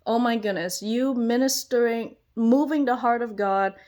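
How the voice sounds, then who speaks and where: A young woman with a bright, high voice pours out an excited personal testimony. She talks as a children's church teacher, gushing and exclamatory and quick to laugh between sentences.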